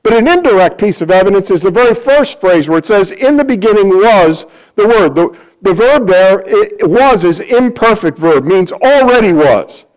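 A man's voice: sits high, lively intonation, normal speed, few pauses, low-quality recording. A pastor preaching in a conversational way, often restarting his sentences and acting out the voices he quotes. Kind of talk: sermon-style Bible teaching.

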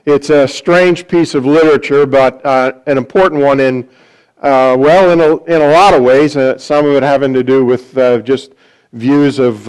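A man's voice: a little high, smooth, rough recording. An older man giving a sermon as a guest preacher, rambling and joking at his own expense. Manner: rambling, self-deprecating humor.

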